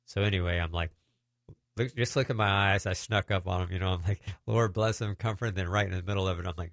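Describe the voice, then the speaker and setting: A middle-aged man telling lively deliverance stories in a casual way, acting out the voices of the people he quotes. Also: sits low, fast, no echo, clean studio sound. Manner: animated, acts out quoted voices. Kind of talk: casual storytelling testimony.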